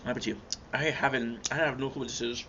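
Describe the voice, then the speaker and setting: A man's voice: medium pitch, fast talker. Young man chatting with viewers while eating. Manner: relaxed, chatty, stops to chew and hum between bites. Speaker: livestream host. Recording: dull lo-fi stream audio with faint background hum.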